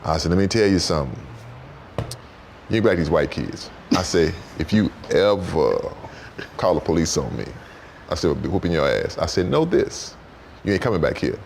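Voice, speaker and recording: Man, low gravelly voice, lively animated storyteller; faint hiss behind. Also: normal speed. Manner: animated, repetitive storyteller, jumps into high voices for quotes. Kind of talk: storytelling talk-show chat.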